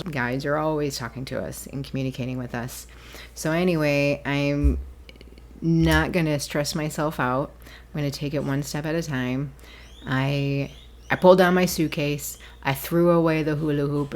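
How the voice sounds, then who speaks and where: Woman, low voice, solo podcast host, rambling and chatty, laughs easily. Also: a little mellow. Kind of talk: casual solo podcast monologue.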